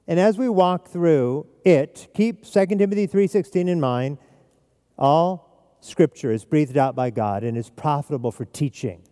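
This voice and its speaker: A man's voice: sits high, warm tone, long reverb tail. A man preaching an expository sermon as pastor, emphatic and repeating his key phrases.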